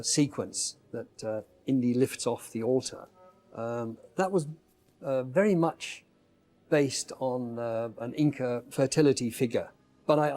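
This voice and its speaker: A production designer explaining his work in a measured interview, pausing often on fillers. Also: medium pitch, darkish tone.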